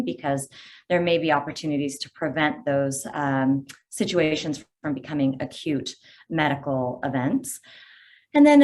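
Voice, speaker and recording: Low-voiced woman fire chief, brisk. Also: slight background noise. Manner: brisk and informative. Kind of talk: community meeting update. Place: virtual meeting. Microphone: video call.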